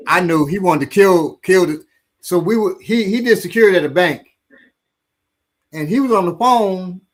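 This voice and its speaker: A man telling stories in a casual chat, acting out the voices of people in them. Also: high-pitched. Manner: animated, acts out voices in his stories. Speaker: instructor. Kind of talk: casual storytelling.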